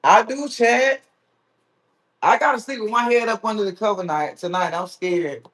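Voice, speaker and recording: A man's voice: high-pitched, moderate pace, a bit bright. A man hosting a live stream who chats casually and teases his viewers, reading their comments aloud. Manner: playful, teasing, reads viewer comments aloud. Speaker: livestream host.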